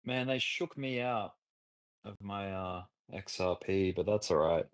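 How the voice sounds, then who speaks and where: Laid-back Australian man, low voice. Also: a little slow, dry recording. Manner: joking, laughs often. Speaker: crypto trading stream host. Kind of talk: casual chat.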